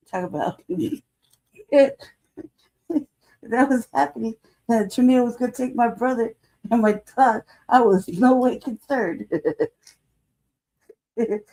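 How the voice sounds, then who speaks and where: A woman's voice: a little high, vocal fry, warm tone. A woman in her forties hosting a casual livestream, telling a rambling story full of laughter and profanity. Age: 40s. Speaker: livestream show host.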